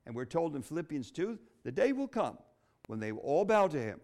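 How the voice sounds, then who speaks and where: A middle-aged man preaches with a high voice that leaps up and down in pitch. He speaks expressively, with dramatic pauses and flashes of humor. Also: sing-song, darkish tone. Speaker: pastor. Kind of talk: sermon.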